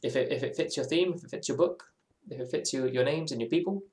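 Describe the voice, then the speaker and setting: A man with a medium-pitched, slightly mellow voice talks fast as he streams a game. His casual chat rambles, muses, and keeps interrupting and circling back on itself, all in an echoey room.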